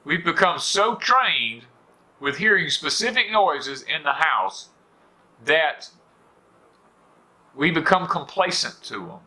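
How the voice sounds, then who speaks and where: Forceful folksy Southern man on a porch. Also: fairly high pitch, sing-song, slow pace, pauses often. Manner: folksy, rambling, with many "you know" fillers. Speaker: homestead channel host. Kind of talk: casual porch talk to viewers. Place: on a porch at home.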